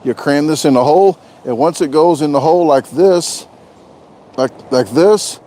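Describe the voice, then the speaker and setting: A man's voice: on the high side, normal speed, dark tone. A man chatting casually on a live stream, rambling and joking, often repeating himself. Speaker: vlogger doing a live stream.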